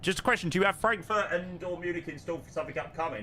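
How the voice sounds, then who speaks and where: A man's voice: high voice, quick pace, noisy background. A British man chatting casually on a flight simulator stream, reading viewer messages aloud and calling out runway and altimeter figures. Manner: chatty, reads viewer messages aloud, calls out aviation numbers. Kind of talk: casual live-stream chat over flight sim.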